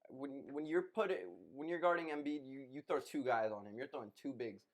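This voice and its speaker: A young man co-hosting a casual podcast speaks briskly at a medium pitch. He argues a basketball point in this relaxed sports debate, repeating phrases as he goes.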